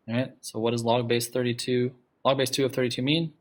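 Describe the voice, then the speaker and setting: A man with a mid-range voice teaches a math class at a quick pace in a level tone, barely pausing. He walks through the material step by step, often asking "okay?" to make sure his students are following, poses questions to the class and repeats the key ideas in this classroom lecture.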